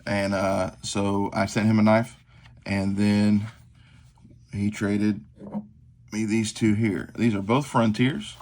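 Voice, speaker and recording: A man's voice: on the low side, flat delivery, takes it slowly, pauses often, darkish tone. A man, talking casually and rambling through a show-and-tell of his gear, with lots of fillers and self-deprecating asides. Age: 40s. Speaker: knife collector vlogger. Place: tabletop at home.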